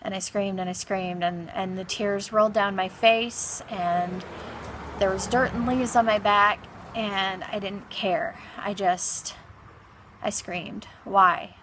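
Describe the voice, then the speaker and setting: A grieving woman speaks in an unhurried, halting way, stopping and restarting as she searches for words. Her voice sits at an ordinary middle pitch. A faint background hum sits under her talk. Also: steady tone. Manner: halting, soft-spoken, many pauses and restarts. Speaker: vlogger. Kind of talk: reflective personal monologue.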